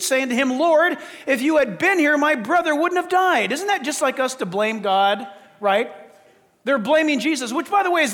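High-voiced preacher in a reverberant church. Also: male voice, pushed and bright. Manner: preaching with rising, impassioned emphasis. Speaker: pastor. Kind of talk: sermon. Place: church sanctuary.

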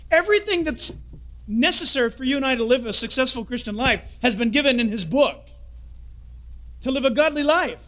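Man, preacher, high bright voice, lively swooping pitch. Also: brisk. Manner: animated storytelling, acts out characters in the story. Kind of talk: sermon with told jokes.

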